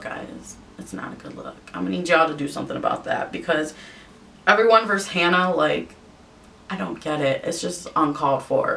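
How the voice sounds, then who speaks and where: A woman's voice: creaky, sharp tone. A young woman vlogger ranting with a lot of swearing while she does her makeup at home. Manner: profane, exasperated ranting. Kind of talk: rant while doing makeup. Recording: slightly distant mic, faint rumble.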